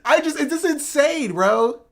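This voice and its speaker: A man ranting on a livestream about politics. He swears, says "bro" and repeats himself, swinging between loud outbursts and muttering. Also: very high-pitched, expressive, measured pace, vocal fry. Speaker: streamer. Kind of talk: heated political rant on a livestream.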